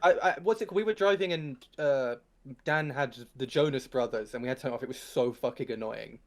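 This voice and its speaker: A man's voice: mid-range voice, brisk. A young man co-hosting a podcast, teasing and giggling through casual chat. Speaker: podcast co-host.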